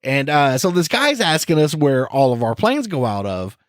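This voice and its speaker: A man's voice: medium pitch, sing-song, normal speed, dry recording, studio quality. A man co-hosting a podcast, telling a story in casual chat, profane and joking. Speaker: podcast co-host.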